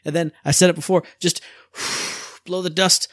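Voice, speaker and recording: A man's voice: sits high, fairly even intonation, a little slow, fairly bright tone, no echo, clean studio sound. A man co-hosting a casual podcast, enthusiastic as he plugs the show. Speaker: podcast co-host.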